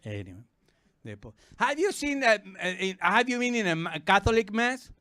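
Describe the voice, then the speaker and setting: A man from Argentina with an Argentine Spanish accent performing a stand-up comedy set on a club stage, animated and breaking into shrieking high silly voices. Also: moderate pace, dry recording.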